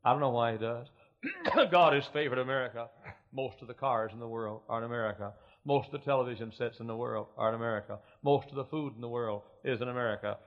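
A middle-aged man, a pastor preaching a sermon in a folksy storytelling way that swells into loud preaching. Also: mid-range voice, lively intonation, fast. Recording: muffled lo-fi recording.

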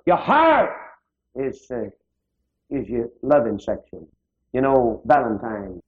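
Gravelly preacher, old lo-fi tape. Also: male voice, darkish tone. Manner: folksy preaching with sudden pitch swings. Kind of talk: sermon. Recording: dull lo-fi old sermon tape.

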